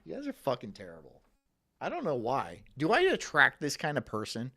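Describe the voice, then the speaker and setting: Lively, rambling male streamer. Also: mid-range voice, brisk, vocal fry, faint music behind. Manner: rambling, profane, self-mocking, often laughing. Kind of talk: casual live-stream reaction chat.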